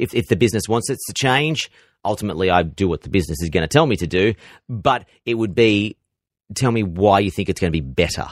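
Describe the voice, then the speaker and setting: An Australian radio presenter with a medium-pitched voice answers interview questions with plenty of energy, repeating words and restarting sentences. The recording is studio quality with no echo, made in a radio station office.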